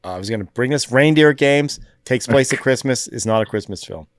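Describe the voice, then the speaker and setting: A man's voice: medium pitch, expressive, fairly quick. A man co-hosting a film podcast who teases the others and impatiently hurries them along. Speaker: podcast co-host. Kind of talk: casual chat.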